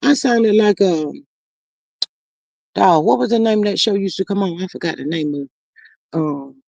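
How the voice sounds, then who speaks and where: A woman's voice: medium pitch, measured pace, gravelly, a little mellow, muffled recording. A woman hosting a casual livestream, reading viewer comments aloud and chatting with her audience. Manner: chatty, calls listeners "child" and "y'all". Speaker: livestream host.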